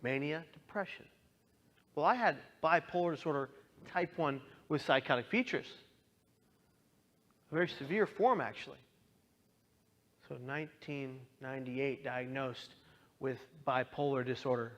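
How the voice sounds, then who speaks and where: A man telling his own story as a dramatic testimony, impassioned and pleading, swinging from hushed lines to loud outbursts. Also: medium pitch, unhurried, pauses often, lo-fi sound. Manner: pleading, directly addresses listeners. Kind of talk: dramatic personal testimony talk.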